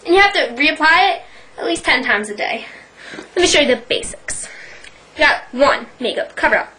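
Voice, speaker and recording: A woman's voice: sits high, animated, normal speed, pushed and bright, recorded from a distance, low-quality recording. A young woman in her twenties with a New York accent, doing a brash, profane, mock-boastful parody tutorial for her vlog. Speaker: vlogger.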